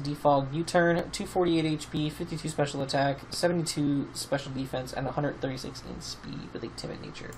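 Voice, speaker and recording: A man's voice: medium pitch, rough recording. Man, rambling casual game commentary, sleepy, faint background noise. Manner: rambling, many fillers and restarts, swears casually. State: sleepy, yawning. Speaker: YouTube team-building host. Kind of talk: casual commentary over gameplay.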